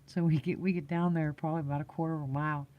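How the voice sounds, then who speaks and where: A woman's voice: deep voice, steady tone, racing, narrow, tinny audio. A woman telling a rambling story in casual chat, full of fillers and restarts and often laughing. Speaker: live chat host.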